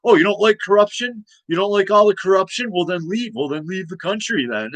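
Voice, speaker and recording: A man's voice: high voice, animated, brisk, fairly bright tone, dry recording, voice pushed up. Man putting on a whiny taunting complainer. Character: sneering mocking complacent American, male.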